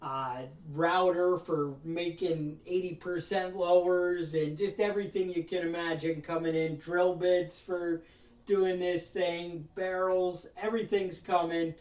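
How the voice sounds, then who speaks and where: A man with a high voice tells a story in a worked-up, ranting way, putting on the voices of the people in it. He sits back from the mic in a roomy space, so the sound carries some echo. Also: fairly even intonation, measured pace, a little mellow, distant mic. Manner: ranting storyteller, acts out other people's lines. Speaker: podcast host. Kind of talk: casual podcast chat.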